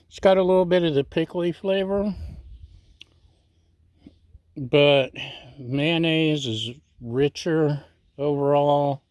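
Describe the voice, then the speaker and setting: Man, fairly high voice, unhurried, chatty cooking demo, talks while tasting. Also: dry recording, studio quality. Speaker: cooking vlogger. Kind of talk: casual cooking demonstration.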